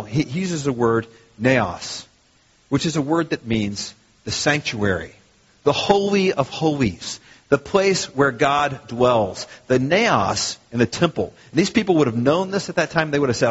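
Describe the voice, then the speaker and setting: A man preaching a sermon as a pastor, animated and fond of rhetorical questions and repeated phrases. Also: on the high side, slightly rough. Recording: long hall reverb, dull lo-fi sound.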